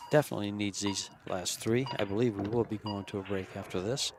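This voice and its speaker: Laid-back pool commentator, low voice. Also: male voice, brisk, noisy background. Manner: relaxed, chuckling, storytelling. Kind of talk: live sports commentary, chatty.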